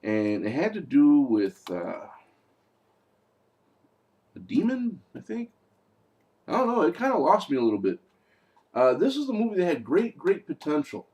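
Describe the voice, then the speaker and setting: A man's voice: on the high side, huge pitch swings, normal speed, pauses often, darkish tone, highs cut off. A young man giving a casual, mocking movie review, talking loosely and acting out lines.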